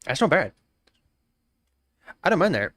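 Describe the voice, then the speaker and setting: An Australian man chats on a live stream, welcoming viewers by name while musing over his work. He talks at a slow, relaxed pace and repeats himself as he thinks. The sound is dry and close, with no room echo. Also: fairly high pitch. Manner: greets chatters while thinking aloud, repeats phrases. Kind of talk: casual live-stream chat.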